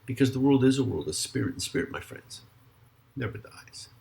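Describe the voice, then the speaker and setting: A man, a rabbi, giving a sermon with slow, drawn-out stress on key words and parts of prayer sung. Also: medium pitch, animated, gravelly, mellow. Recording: faint guitar music behind.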